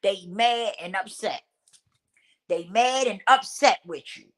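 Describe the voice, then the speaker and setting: A woman's voice: medium pitch, takes it slowly, a bit bright, slight background noise. A woman vlogger in a blunt, repetitive talking-to-camera rant who swears casually and laughs often.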